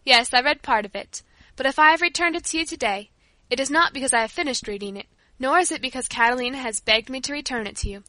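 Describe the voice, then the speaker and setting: Storybook father, middle-aged man, earnest and measured, read by a woman, high bright tone. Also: dry recording.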